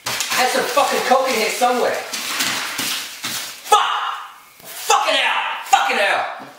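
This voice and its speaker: A man's voice: very high-pitched, sing-song, slow, noisy background, heavily acted. A man putting on a parody impression of a crude male Hollywood actor who rambles profanely about craving drugs. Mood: ranting. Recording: echoey room, far from the mic.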